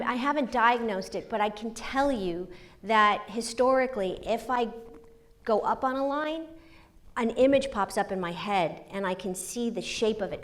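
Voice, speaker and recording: A woman, telling lively stories as a guest in an onstage conversation. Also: medium pitch. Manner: animated, laughing storyteller. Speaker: guest author. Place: university auditorium.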